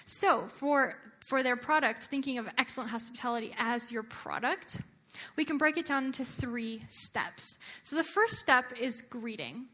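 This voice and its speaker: A young adult woman giving a chatty, animated church talk, often using filler words. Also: fairly high pitch, normal speed. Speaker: church speaker.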